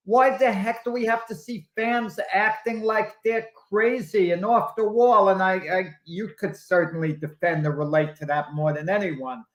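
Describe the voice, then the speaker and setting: A man who is a guest on a sports talk show and makes his points with emphatic, indignant rhetorical questions. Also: sits high. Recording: roomy echo.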